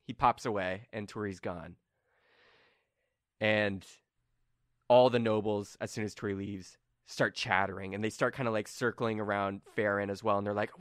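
Brief: easygoing male game master recapping a tabletop session, bright tone, dry close mic. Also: lowish voice, steady tone, moderate pace, dry recording. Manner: casual, rambling, filler-heavy recap.

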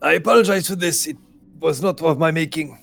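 A man's voice: fairly high pitch, brisk, creaky, a bit bright, soft background music. A man voicing Victor, a weary, courteous monster hunter who talks in polite, formal phrases. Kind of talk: tabletop role-play.

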